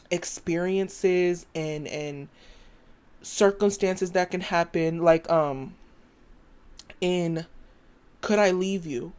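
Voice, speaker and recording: A woman's voice: on the low side, darkish tone. A woman hosting her own podcast, talking in a rambling, emphatic stream of thought and stopping to quote song lyrics. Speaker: podcast host. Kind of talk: casual opinion monologue.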